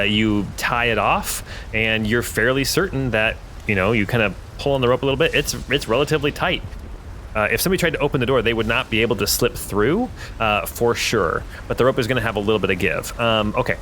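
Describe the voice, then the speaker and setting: A man's voice: medium pitch, fairly quick, a bit bright, a little hiss or hum. A man narrating as game master of a tabletop adventure, describing scenes with frequent hesitations and fillers.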